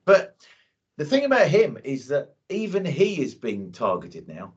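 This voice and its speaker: A man's voice: on the high side, huge pitch swings, measured pace. A man talking bluntly in a casual two-way chat, leaning on "you know" as he goes. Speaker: co-host. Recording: dull lo-fi audio.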